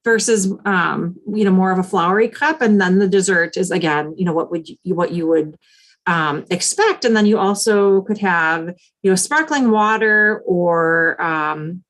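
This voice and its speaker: A woman's voice: lowish voice, measured pace, a bit bright. Woman, from the United States, casual podcast co-host, chatty, lots of ums. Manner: chatty, many ums, laughs easily. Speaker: podcast co-host, travel planner. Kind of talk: casual chat.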